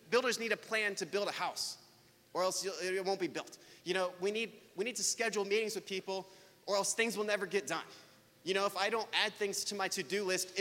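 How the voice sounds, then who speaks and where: A man's voice: sits high, bright, forceful tone. A man preaching a casual, self-deprecating sermon in a church, chatting with his audience. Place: church hall. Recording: preacher in a reverberant church hall.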